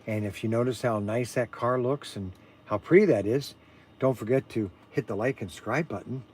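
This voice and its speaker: A man imitating his son as a bland, monotone young man who talks with no emotion. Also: normal speed, breathy edge, lightly acted. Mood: deadpan. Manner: flat, emotionless, low and quiet.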